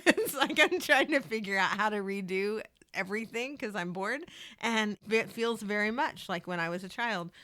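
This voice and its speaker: A woman's voice: medium pitch, normal speed, pushed and bright, dry recording. A middle-aged woman, co-hosting a podcast, chatty and giggly. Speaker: podcast co-host. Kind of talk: casual chat.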